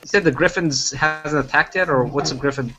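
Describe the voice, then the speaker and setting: A man playing a tabletop game, speaking in a casual, halting way. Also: a little high, over music. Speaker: player.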